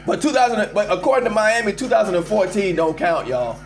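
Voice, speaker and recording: Fairly quick and high-voiced, this man hosts a live call-in show over soft background music. He rants about sports with animated emphasis, talking to listeners directly and calling them y'all.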